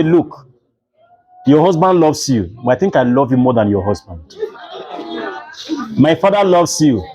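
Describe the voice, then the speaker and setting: A man's voice: on the high side, muffled recording. A young adult man with a Nigerian English accent, a literature teacher lecturing a class and acting out the voices in his stories. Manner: animated storytelling, acts out dialogue.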